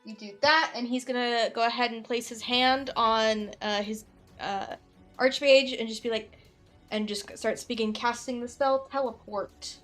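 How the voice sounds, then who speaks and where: A woman's voice: fairly high pitch, fairly even intonation, measured pace, fairly bright tone, faint music behind. Young woman as a casual, rambling game master. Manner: casual, narrates with fillers. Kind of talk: tabletop game narration.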